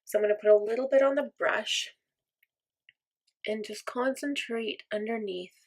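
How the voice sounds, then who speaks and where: A woman's voice: on the high side, steady tone, moderate pace. Chatty woman thinking aloud. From mostly German, part Irish and Norwegian descent. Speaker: makeup vlogger. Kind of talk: casual makeup tutorial chat.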